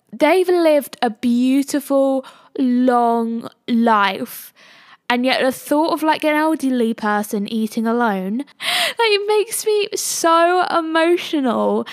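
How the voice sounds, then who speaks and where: A woman's voice: high voice, lively intonation, slow pace, no room sound. A young woman hosting her own podcast, talking alone in a rambling, gushing and emotional way from a studio. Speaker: podcast host. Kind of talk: casual solo podcast chat.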